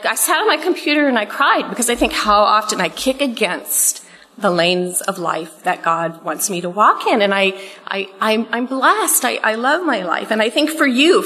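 A woman's voice: fairly high pitch, sharp tone, low-quality recording. A middle-aged woman giving an earnest, conversational Bible teaching to a women's group in a room. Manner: earnest, conversational, emotional at times.

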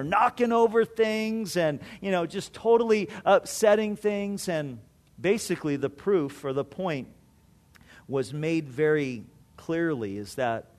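A man delivers a sermon in a high voice that swings widely in pitch. He takes his time, letting each phrase land slowly. He tells stories and voices the people in them, driving points home through repetition. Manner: storytelling preacher, acts out quoted voices, repeats for emphasis. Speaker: pastor.

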